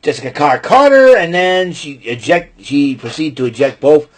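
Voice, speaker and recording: A man hosting a casual show, recapping wrestling in an excitable, rambling way and breaking into loud mock quotes. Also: a little high, normal speed. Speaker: podcast host recapping wrestling. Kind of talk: casual chat.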